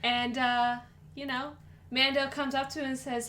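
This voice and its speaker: A woman co-hosting a live-stream podcast, chatting casually in a playful, excitable way. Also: sits high, normal speed, slight background noise. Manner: playful, excitable, jokes a lot. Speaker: podcast co-host.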